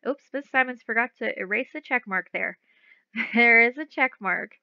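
Woman teacher, phonics lesson for small children, slow and patient, sounds words out, dry close lo-fi recording. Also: on the high side, gravelly, dry recording.

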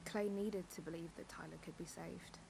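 A woman voicing a calm, reflective teenage girl narrating a drama series, measured in delivery. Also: lowish voice, gravelly, low-quality recording. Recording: TV clip with ambience noise.

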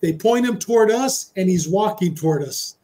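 Speaking at normal speed with a high-sitting voice, a retired cop in middle age relates a tale in an informal interview, animatedly acting out the characters' lines and slipping into Spanish phrases.

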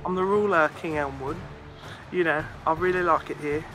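A man's voice: on the high side, normal speed, lightly acted. A man playing a pompous elk king. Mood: boastful. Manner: boastful, rambling, bossy to staff. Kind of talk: comic mockumentary monologue. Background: faint background music.

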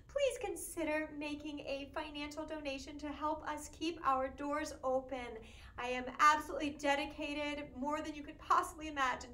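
A woman's voice: sits high, sharp tone. A woman from Georgia, a children's music teacher leading a live-streamed class in a sing-song, encouraging way.

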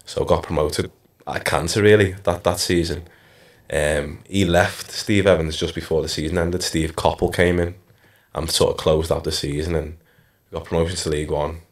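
This Liverpool-accented former footballer in his thirties has a rumbling low voice and moves at a moderate pace. Over a casual podcast interview he tells relaxed stories, often using "like" and "you know."

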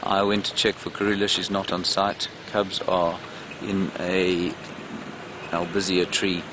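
This safari guide's voice sits low with little pitch movement, and he speaks unhurriedly while hosting a live game drive from an open vehicle. He chats and takes viewer questions. Background noise is present, and the clip-on mic occasionally slips.

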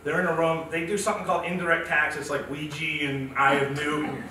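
Animated middle-aged man telling a story. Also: a little high, brisk. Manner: animated, self-mocking, acts out quotes. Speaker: speaker at a professional event. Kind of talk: humorous storytelling talk. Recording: echoey room, mic from far off.

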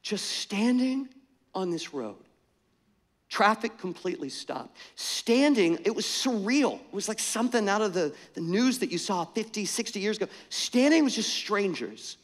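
A middle-aged man preaching a sermon, telling an animated, self-mocking story in a conversational way. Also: high voice, moderate pace. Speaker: pastor. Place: church sanctuary. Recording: church hall reverb.

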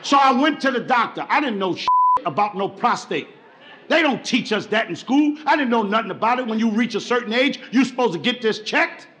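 A middle-aged man from the Bronx, doing a loud, animated stand-up comedy routine on stage. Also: brisk. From the Bronx, New York. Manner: loud and animated, shouting punchlines, dropping into deep voices for other characters. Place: large comedy stage with a live audience. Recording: echoey live venue with crowd noise.

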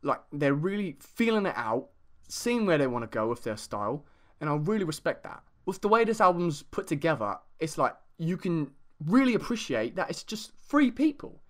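A man's voice: a little high, normal speed. Sweary man in a fake English accent. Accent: put-on English accent. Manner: excitable and sweary, lots of fillers. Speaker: music reviewer host. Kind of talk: casual music review monologue.

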